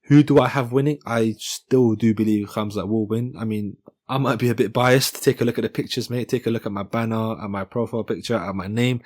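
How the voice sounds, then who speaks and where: Chatty man with a lowish voice. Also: steady tone, a little fast, a little mellow. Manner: chatty and joking, with frequent self-corrections. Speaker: MMA channel host. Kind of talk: casual fight-analysis commentary.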